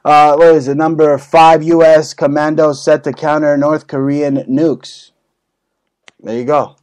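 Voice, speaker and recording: A young man hosting a casual talk show, ranting crudely and jokingly with sudden loud outbursts. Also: fairly high pitch, flat delivery, measured pace, rough recording. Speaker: host.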